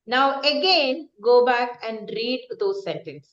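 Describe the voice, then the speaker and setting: Woman speaking coach, high and animated, quizzes the class and demonstrates emphasis; dull, roomy recording. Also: takes it slowly. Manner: lively, asks the group questions, acts out example sentences. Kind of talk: interactive online teaching session.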